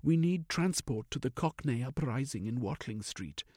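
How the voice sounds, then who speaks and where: A man's voice: medium pitch, animated, normal speed, darkish tone, husky, no room sound, studio quality, pitched above the performer's own voice. A man voicing a weary, terse woman revolutionary with a raised voice and clipped replies. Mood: curt.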